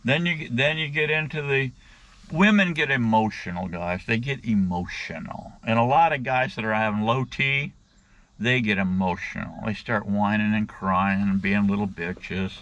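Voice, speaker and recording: A man's voice: fairly low pitch, normal speed, fairly bright tone, dry recording, highs cut off. A middle-aged man in a casual rant to his viewers, blunt and crude, often calling them "guys". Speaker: vlogger.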